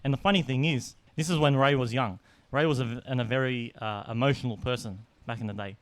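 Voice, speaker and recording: A young man co-hosting a casual podcast, telling animated stories and laughing often. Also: mid-range voice, quick pace, no echo. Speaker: podcast co-host. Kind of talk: casual storytelling chat.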